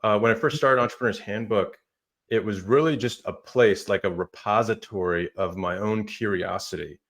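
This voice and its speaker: Man, lowish voice, moderator, upbeat question reading, video-call audio. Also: moderate pace, fairly bright tone. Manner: reads out audience questions, friendly and upbeat. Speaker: moderator and publication founder. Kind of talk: hosting a live online Q&A.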